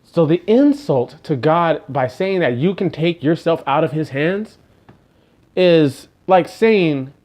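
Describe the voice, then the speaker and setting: A man preaching a storytelling sermon, dramatic, slowing down and dropping to a hush for emphasis. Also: on the high side, lively intonation.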